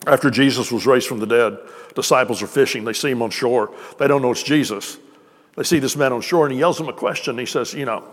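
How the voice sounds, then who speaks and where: A man preaching to his congregation in a loose, conversational way, slipping jokes between his points. His voice sits at an ordinary middle pitch. It rings with the long reverb of a church hall. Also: fast. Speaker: pastor. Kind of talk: sermon.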